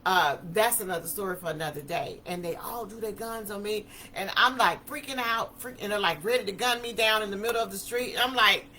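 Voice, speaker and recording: A woman tells her story in a bright, forceful voice. She talks in an animated way, acting out each quote as she speaks. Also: medium pitch, a little fast, hardly any pauses, slight background noise. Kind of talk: personal testimony talk.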